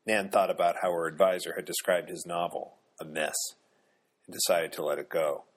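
A male audiobook narrator reading a novel in a measured, even way. His voice is very low and husky. He keeps a steady storytelling manner throughout. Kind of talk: scripted narration.

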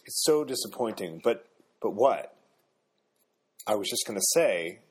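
A man's voice: on the low side, animated, a little slow, husky, voice pushed up. A man reading an audiobook, lifting his voice to play an earnest young woman who is hurt but outspoken.

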